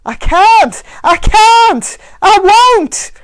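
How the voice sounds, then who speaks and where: A woman's voice: on the high side, lively intonation, normal speed, no echo, close to an everyday voice. A woman reading a novel aloud, voicing a desperate middle-aged father who cries out and begs. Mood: anguished. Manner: loud, strained, cries out and begs.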